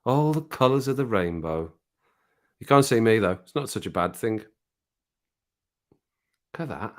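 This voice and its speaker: A man's voice: on the low side, lively intonation, a little slow, long pauses. A man chatting casually on a live stream from home, rambling and laughing often at himself. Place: home room with sun on the window.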